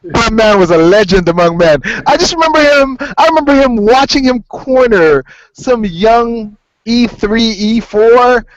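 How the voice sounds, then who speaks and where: Man, high voice, swoops all over, laughs a lot, casual chat, dull lo-fi sound. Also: a little slow. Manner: laughs often, swears, animated storytelling. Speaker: podcast host.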